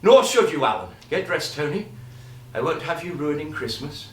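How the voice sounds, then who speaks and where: Fussy proper mum, man putting her on, high and sing-songy, echoey stage sound. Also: very animated, normal speed. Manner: correcting, bossy. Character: fussy proper mother of a boy. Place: live stage show.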